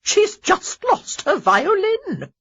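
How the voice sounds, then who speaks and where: A woman's voice: very high-pitched, very animated, takes it slowly, a bit bright, dull audio, voice pushed up, exaggerated voice. A woman voicing a grand, imperious elderly lady who barks her pronouncements. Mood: scornful.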